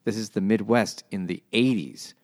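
A man co-hosting a casual podcast chat, summarizing a book in a rambling, deadpan way with some swearing. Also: on the low side, moderate pace, no room sound, clean studio sound. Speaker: podcast co-host.

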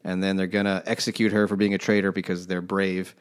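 Man, fairly low voice, sarcastic, swearing, casual podcast book recap. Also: level tone, quick pace, smooth. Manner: sarcastic, profane, mocking the plot. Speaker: podcast co-host.

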